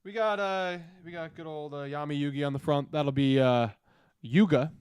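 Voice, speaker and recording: A man's voice: a little high, normal speed, darkish tone, smooth, dry recording. A man co-hosting a casual podcast chat, easygoing and agreeable. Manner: agreeable, reads chat aloud, flips coin. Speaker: podcast co-host.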